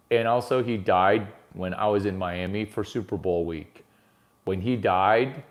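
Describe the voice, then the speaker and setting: A man doing a rambling stand-up monologue, brash and profane, swinging from mutters to shouts. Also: on the low side. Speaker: comedian.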